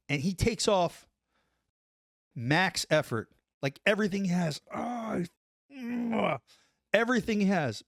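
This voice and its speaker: A man and former Army Ranger telling a story in a casual interview, animated and profane, acting out the dialogue. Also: on the high side, no echo, clean studio sound.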